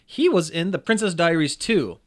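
A man hosting a casual podcast chat, telling stories with lively enthusiasm and plenty of fillers. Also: a little high, normal speed.

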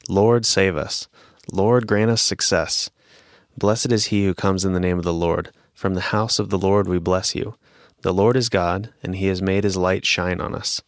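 A man who co-hosts a podcast, reading a passage aloud at a steady, measured pace. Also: sits low, dry recording. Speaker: podcast co-host.

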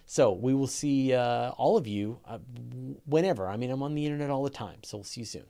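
A man's voice: mid-range voice, brisk, vocal fry, dark tone. Enthusiastic Canadian man hosting a live show. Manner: enthusiastic, with many fillers and restarts. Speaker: podcast host.

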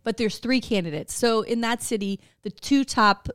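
Lively swearing woman podcast co-host. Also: fairly high pitch, normal speed, smooth, no echo, clean studio sound. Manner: animated, swears freely, laughs often. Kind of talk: casual chat.

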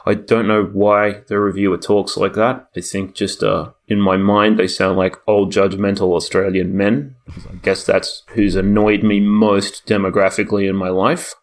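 Man, podcast chat, rambling, sardonic, swears a lot, lowish pitch. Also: flat delivery, normal speed. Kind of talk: casual chat.

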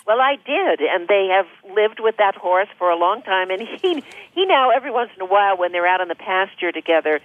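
This woman rings in over a thin, tinny phone line, with a lively voice that rises and falls a great deal. She chats easily and casually, pausing often with ums and uhs. Her pitch sits in the middle for a woman. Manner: chatty, hesitant with many fillers. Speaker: phone-in guest. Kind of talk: casual chat. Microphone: telephone.

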